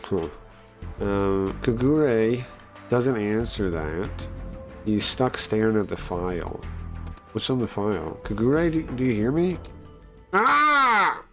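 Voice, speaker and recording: A man casually commenting while he plays and reads through a story game, chatty and easily excited, thinking aloud with many pauses. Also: lowish voice, faint music behind. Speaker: streamer playing and reading a story game. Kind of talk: casual live-stream commentary.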